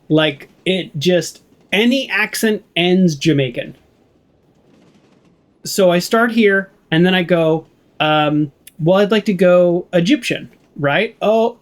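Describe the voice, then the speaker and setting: West coast american dude rambling over a game playthrough, slightly high voice, lots of likes and ums. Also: male voice. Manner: rambling, chatty, lots of fillers and laughs. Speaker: let's play streamer. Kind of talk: casual game commentary.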